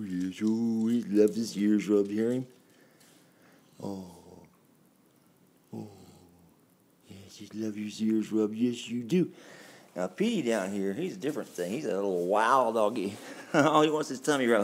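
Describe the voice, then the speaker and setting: A man's voice: mid-range voice, a little mellow. A man with a Texan accent, filming at home and talking casually, baby-talking to dogs and laughing often as he chats. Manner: coos and baby-talks to the dogs; laughs often, chatty and playful. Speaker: dog-sitting home vlogger. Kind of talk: casual home video talk. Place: home, indoors and in the yard. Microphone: handheld camera mic.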